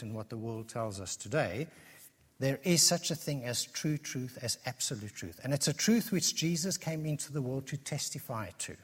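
A man's voice: mid-range voice, breathy edge. A man preaching an earnest expository sermon, building his points through emphatic repetition. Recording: long reverb of a large hall.

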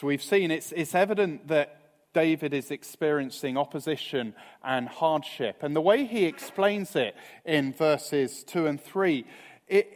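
Measured, slow-speaking man preaching in a hall. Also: on the high side. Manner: earnest, measured, trailing off softly at phrase ends. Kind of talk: evening sermon. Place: church hall. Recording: reverberant hall.

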